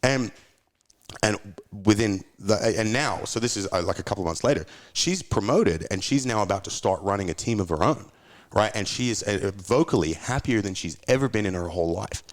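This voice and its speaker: Fast-talking man, animated. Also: fairly low pitch. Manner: animated storyteller, acts out quoted voices. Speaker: podcast guest, businessman. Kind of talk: casual podcast conversation.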